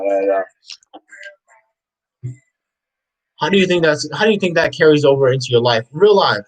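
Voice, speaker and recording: A man with a slightly high voice delivers an unscripted motivational rant. He preaches with blunt intensity, firing the same questions again and again and raising his voice to drive them home. His talk is rough and profane. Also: lively intonation, a little fast, pauses often, poor audio. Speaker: motivational vlogger.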